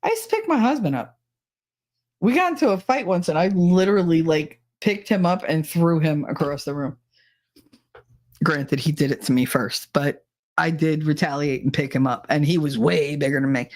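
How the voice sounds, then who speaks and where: A middle-aged woman with a somewhat low voice trades stories in easy podcast chat. She is blunt and salty, swearing casually as she talks. She tells her stories with plenty of animation. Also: moderate pace. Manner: blunt and profane, animated storytelling. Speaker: podcast co-host.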